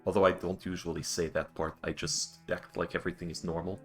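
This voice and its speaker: A man's voice: sits low, level tone, fairly quick, hardly any pauses, faint music behind. A man playing in an online tabletop game, chatting casually and rambling through explanations between laughs. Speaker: player.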